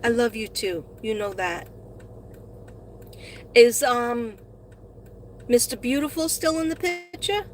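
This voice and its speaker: Woman, middle-aged, fairly high voice, chatty live-stream host, rambling, phone in a car, faint road hum. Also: slow pace, long pauses. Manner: chatty, rambling, gushes when thanking viewers. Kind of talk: casual live-stream chat.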